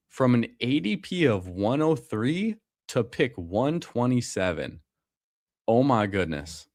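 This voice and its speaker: A man's voice: lowish voice, dry recording, clean studio sound. A man streaming a fantasy football draft, talking casually and slangily with viewers. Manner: casual, slangy, calls people bro and man. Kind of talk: casual live commentary.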